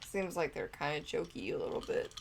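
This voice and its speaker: A woman's voice: sits low, sing-song, brisk, creaky. Female co-host, casual film chat, hesitant, lots of "like", trails off. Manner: hesitant, heavy use of "like", trailing off. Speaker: movie review co-host. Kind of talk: casual conversational film review.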